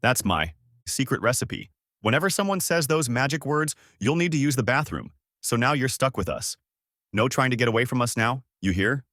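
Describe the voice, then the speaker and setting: A man's voice: mid-range voice, animated, normal speed, a bit bright, no room sound, clean studio sound, natural voice. A male narrator voicing a bossy, scheming young woman adventurer, with a raised, exclamatory delivery.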